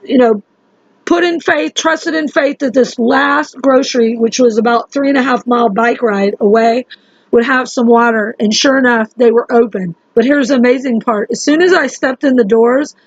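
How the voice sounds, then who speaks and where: A woman vlogging to camera in a rushed, rambling, urgent way, sounding short on sleep. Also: a little high, dry recording. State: sleep-deprived. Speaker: religious vlogger. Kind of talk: casual monologue to camera. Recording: dull lo-fi dry sound.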